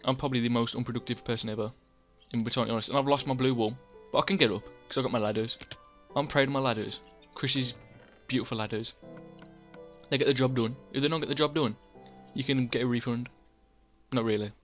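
A young man rambles through casual gameplay commentary, poking fun at himself and scolding himself by name. His voice sits at an ordinary middle pitch, with faint music under it. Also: fairly even intonation, fast. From England. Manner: rambling, self-mocking, talks to himself in third person. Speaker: gaming channel host.

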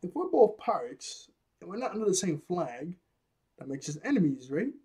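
A man voicing a vain, menacing female pirate captain from a cartoon, speaking in a low, quiet, taunting way. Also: sing-song, normal speed.

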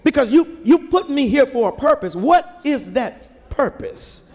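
A male pastor preaching a sermon from the pulpit, building to shouts and calling on the congregation to answer him. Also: very high-pitched, lively intonation, a little slow. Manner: preaching with rising shouts and call-and-response to the congregation. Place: large church sanctuary. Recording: live church recording with long hall reverb.

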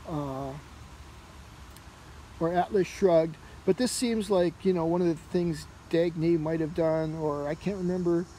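Male comic reviewer, high-ish voice, casual and meandering, filler-heavy delivery. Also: warm tone, slight background noise, rough recording. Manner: rambling, heavy on fillers like "you know" and "uh".

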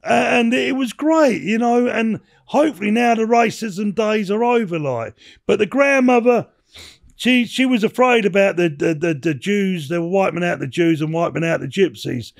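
An older man in his sixties talks as an interview guest with a high, gravelly voice. He rambles from story to story, swears freely and keeps adding "you know what I mean". It has the easy pace of a casual podcast chat. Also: lively intonation, moderate pace. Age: 60s. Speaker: podcast guest, former bare-knuckle boxer.

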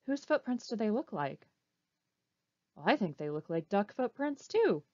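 Woman librarian, storytime reader, unhurried and expressive, quizzes the kids, dull dry recording. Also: mid-range voice, no room sound. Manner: animated, asks children questions. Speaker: children's librarian. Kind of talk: reading a picture book aloud. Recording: dull, slightly muffled recording.

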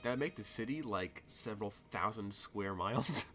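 Low-voiced, laughing game master. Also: male voice, animated, normal speed, music in the background. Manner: rambling, laughs often, thinks aloud with many fillers. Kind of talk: narrating a tabletop game.

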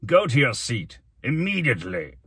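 A man voicing a pompous, stern, quick-tempered male city mayor who draws out his scolding words. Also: wildly swooping pitch, slightly rough, exaggerated voice. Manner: booming, drawn-out scolding.

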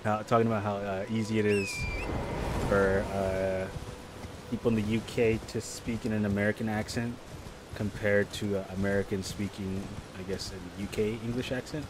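A man with a fairly low voice chats casually while streaming a game live, rambling from one topic to the next. He breaks into loud, excited reactions to the action. A clear hum of background noise sits under his stream mic. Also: normal speed. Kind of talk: casual live gameplay chat.

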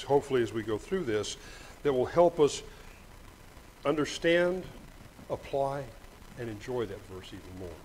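An older man preaches a Sunday sermon from a church microphone. His voice sits at a middle pitch, and his talk is folksy, full of small jokes. When he reads scripture he slows right down, with a faint hum underneath. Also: rough recording. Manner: folksy, joking asides, reads scripture slowly. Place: church sanctuary. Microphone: microphone with monitor.

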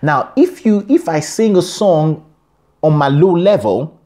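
A man's voice: on the high side, lively intonation, measured pace, mellow. A man teaching a singing lesson, explaining in short phrases and singing examples. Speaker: singing coach. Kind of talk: vocal lesson with sung examples.

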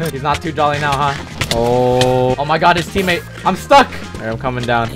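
A young man in excited gameplay commentary, swinging between quiet muttering and sudden yelps and laughs. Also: a little high, a little slow. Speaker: gaming YouTuber. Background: game music.

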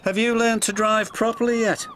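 A man voicing a haughty, sharp-tongued old female steam lorry in a storybook reading, snooty and scolding. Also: high voice, little pitch movement, moderate pace, slight background noise, pitched above the performer's own voice. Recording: narration over music.

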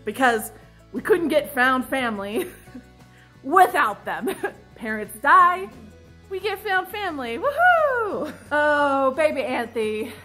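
A woman's voice: sits high, expressive, slow, sharp tone, soft background music. Dramatic self-mocking young woman vlogger. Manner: dramatic, self-mocking, laughing, mock-anguished outbursts. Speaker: writing vlogger. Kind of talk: casual confessional vlog.

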